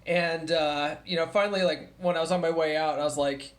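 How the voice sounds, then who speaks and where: High-voiced man telling a casual story. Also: fairly even intonation, a little fast. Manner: casual, profane, chatty with many fillers; mimics others in a raised voice when quoting them. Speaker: vlogger.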